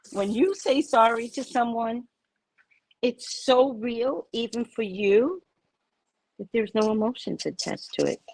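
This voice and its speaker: A woman's voice: fairly low pitch, slight background noise, rough recording. A woman in her fifties, a spiritual talk host, giving a blunt, candid monologue full of personal stories and frank language. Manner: blunt, animated storytelling with frank swearing.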